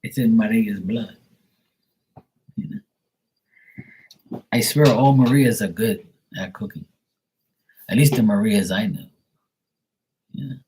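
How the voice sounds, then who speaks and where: Low husky guy on a live stream, swears a lot, blunt casual chat. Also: slow, long pauses, warm tone, rough recording. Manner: profane, blunt, chatty. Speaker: live tarot reader streamer.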